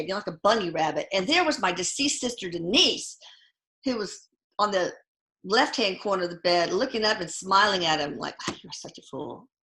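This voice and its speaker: A woman guest telling personal stories in a casual, animated way, often lifting her voice when quoting others. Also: mid-range voice, reverberant. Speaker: guest, physician and mother. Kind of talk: conversational storytelling.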